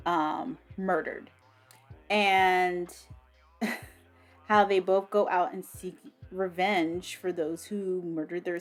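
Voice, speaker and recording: A woman chatting about her monthly reads in a slightly low voice. She talks with bursts of enthusiasm, casual swearing and plenty of ums. Soft music sits faintly behind her. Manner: enthusiastic, swears freely, many ums and restarts. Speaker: book vlogger. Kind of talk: casual book review.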